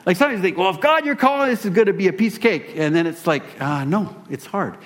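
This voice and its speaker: A male pastor telling a personal story in a sermon, animated and self-deprecating. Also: high voice, fast talker.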